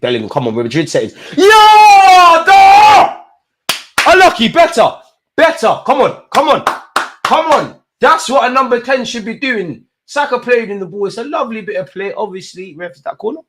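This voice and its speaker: A man hosting a live football watchalong, reacting loudly to the screen with heavy slang and swearing. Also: medium pitch, gravelly. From England. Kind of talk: live match watchalong commentary.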